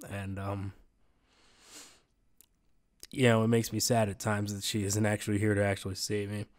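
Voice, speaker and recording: A young man speaking an in-character role-play monologue for a gaming channel, halting and hesitant with many fillers. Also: lowish voice, completely flat delivery. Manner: halting, hesitant, full of "you know". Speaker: gaming YouTuber. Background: background music.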